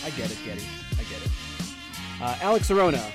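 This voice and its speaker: A man's voice: high voice, animated, fast, over loud music. A man hosting a casual gaming podcast over a video call, joking and sing-song, stumbling over names. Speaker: podcast host. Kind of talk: casual chat.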